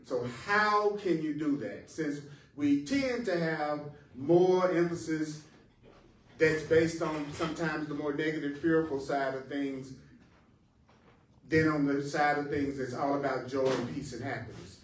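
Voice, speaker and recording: A man's voice: a little high, measured pace, a little hiss or hum. A man teaching spiritual lessons in a reflective manner, leaning on emphasis and stressing words to show their meaning. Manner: reflective, plays with emphasis, bursts into song. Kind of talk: spiritual talk with singing. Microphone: live-stream mic at a distance. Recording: echoey room, distant mic, faint music.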